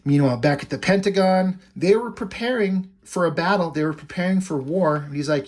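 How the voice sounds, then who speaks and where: A man with a somewhat high-pitched voice talks through a comic plot in a loose, chatty way. He keeps slipping into paraphrased dialogue and casual asides as he recaps scene by scene. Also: a little fast, few pauses, darkish tone. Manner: chatty, retells scenes with "he's like" quotes. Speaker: comic book reviewer.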